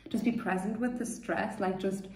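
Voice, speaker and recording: A woman coach leading a guided meditation, speaking gently and reassuringly in a loose, unscripted way with frequent fillers. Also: mid-range voice, steady tone, normal speed. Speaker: manifestation coach. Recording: roomy echo.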